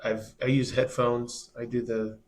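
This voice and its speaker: A man chatting casually as a musician guest, telling stories in a soft, laid-back way with some swearing. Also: medium pitch, level tone, measured pace. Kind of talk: casual chat.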